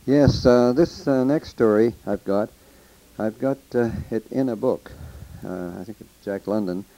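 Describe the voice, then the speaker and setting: Speaking at a measured pace in a dark, medium-pitched voice, an older storyteller reminisces casually into a taped letter. He wanders through folksy tales of bygone days, restarting sentences and quoting others' voices, and the recording is rough.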